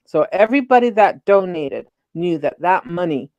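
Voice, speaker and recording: A woman's voice: on the low side, animated, moderate pace, a little mellow, no room sound, lo-fi sound. A woman guest in a casual panel chat, talking in an agreeable, frank and conversational way.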